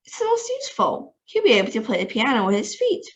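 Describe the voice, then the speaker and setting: A woman's voice: high voice, wildly swooping pitch, quick pace, gravelly, lo-fi sound, a little hiss or hum, voice pushed up, exaggerated voice. A woman doing a breezy, eccentric chocolate maker. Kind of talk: storybook reading aloud.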